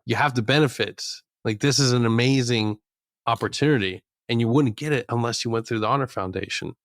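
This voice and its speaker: A podcast host with an average-pitched male voice who talks casually and agrees often with his guest. The sound is dry and close. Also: fairly quick, fairly bright tone, dry recording. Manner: conversational, agreeable, says "dude" and "yeah". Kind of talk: casual interview chat.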